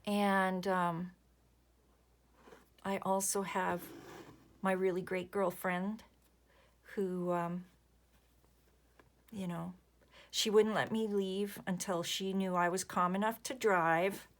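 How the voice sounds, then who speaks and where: A woman in her fifties chatting casually while she crafts, rambling softly and muttering asides to herself. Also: mid-range voice, little pitch movement, slow, pauses often. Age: 50s. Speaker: crafting vlogger.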